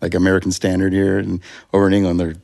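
A man's voice: low voice, monotone, fast talker, vocal fry, darkish tone. A man, a music producer, telling a long story in a casual interview, rambling and restarting, acting out what people said. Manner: rambling, self-interrupting, acts out quotes.

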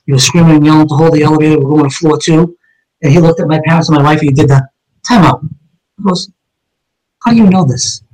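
A man's voice: a little high, darkish tone, poor audio. A man as an interview guest, earnestly telling a personal story and acting out the quoted dialogue as he goes.

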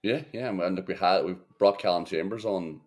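A man's voice: deep voice, fairly quick, darkish tone. A man co-hosting a football podcast, chatting bluntly with swearing and laughs. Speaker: podcast co-host. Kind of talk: casual football chat.

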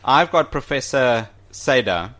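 A man's voice: mid-range voice, lively intonation, unhurried, a bit bright. A man co-hosting a casual podcast, enthusiastic, often restarting his sentences. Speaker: podcast co-host. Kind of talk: casual chat.

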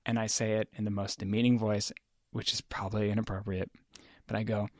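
A man's voice: lowish voice, little pitch movement, fast, a little mellow, no room sound, studio quality. A man speaking as a podcast guest in casual chat, reflective and rambling, with lots of filler words.

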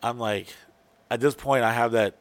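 A man's voice: medium pitch, steady tone, normal speed, no echo. A man telling a long profane story in casual chat, rambling and acting out what he said at the time. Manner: profane, rambling, acts out his own lines.

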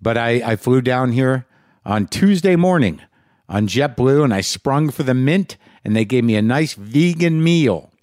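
A man's voice: medium pitch, animated, a little mellow, no echo, clean studio sound. Rambling, profane man hosting a podcast. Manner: rambling, rapid-fire questions, profane. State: punchy and short on sleep. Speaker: podcast host. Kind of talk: casual monologue.

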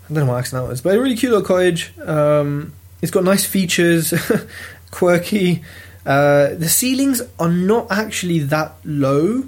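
A British man telling a property auction story in a lively, casual vlog, swearing freely as he goes. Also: fairly high pitch, brisk. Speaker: property investor vlogger. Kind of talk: casual chat.

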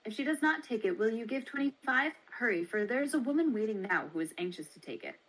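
A woman voicing a complacent, businesslike woman baby trader, reading quickly from a historical article. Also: fairly high pitch, expressive, fairly bright tone, poor audio. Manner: brisk, matter-of-fact reading.

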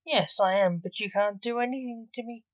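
A woman's voice: on the high side, moderate pace, no room sound, pitched above the performer's own voice, lightly acted. A woman voicing a defiant, cocky male necromancer in a storybook reading. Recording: dull, dry recording.

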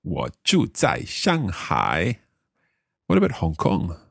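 A man co-hosting a language-lesson podcast, asking curious questions and slowly repeating phrases with a chuckle. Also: low-pitched, huge pitch swings, vocal fry, fairly bright tone, slightly rough, dry recording, clean studio sound. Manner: curious, chuckling, slow careful repetition. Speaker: podcast co-host learning Mandarin. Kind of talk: casual language-lesson chat.

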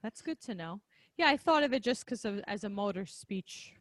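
A woman's voice: medium pitch, expressive, normal speed, no room sound. A woman host with a curious manner, chatting casually and asking questions over a video call, often saying "like". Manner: curious, peppered with "like". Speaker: podcast host and speech therapist. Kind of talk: casual interview chat.

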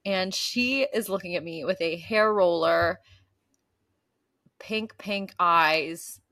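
A young woman from the US East Coast, co-hosting a podcast in casual chat and telling animated stories, mimicking voices and gasping. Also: fairly low pitch, slow. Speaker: podcast co-host.

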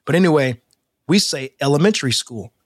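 A man co-hosting a podcast in casual chat, animated and rambling, with frequent laughs. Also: mid-range voice, brisk, no room sound, clean studio sound. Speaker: podcast co-host.

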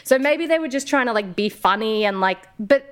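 A woman co-hosting a podcast, talking in a chatty, expressive way full of fillers. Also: a little high, a little fast, clear, resonant tone. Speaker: podcast co-host. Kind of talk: casual podcast chat.

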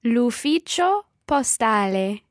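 Slow-speaking woman learner repeating words. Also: fairly high pitch, big pitch swings, no echo, clean studio sound. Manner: repeats words slowly after the tutor. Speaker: language learner.

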